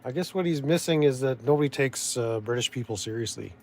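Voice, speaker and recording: A man's voice: mid-range voice, brisk, a little mellow. A man with a Canadian accent giving rambling, sardonic casual commentary, often restarting and losing his thread. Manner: meandering, sardonic, full of restarts and trailing thoughts. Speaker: vlogger.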